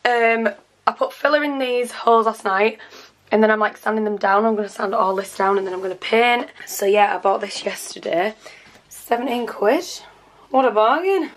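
A woman's voice: fairly high pitch, moderate pace. A young British woman in her twenties, chatting casually and upbeat to camera in her bedroom at home, filming on a handheld phone. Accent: British English. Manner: chatty, upbeat, rambling with fillers. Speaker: vlogger.

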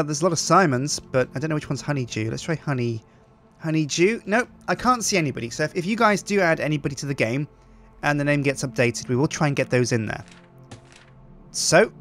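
A man's voice: a little high, a bit bright. A man hosting game commentary, chatty and upbeat, thinking aloud as he plays. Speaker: host.

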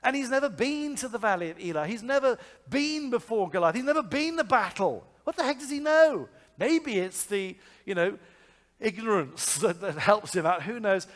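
Animated male preacher in a reverberant hall. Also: sits high. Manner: animated, conversational storytelling with asides and rhetorical questions. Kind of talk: sermon.

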